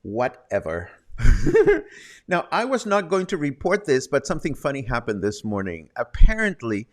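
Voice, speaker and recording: A man's voice: on the high side, very animated, a little fast, a bit bright. A man hosting a casual local news and weather roundup, chatty, with wry asides. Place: Puerto Vallarta, Mexico.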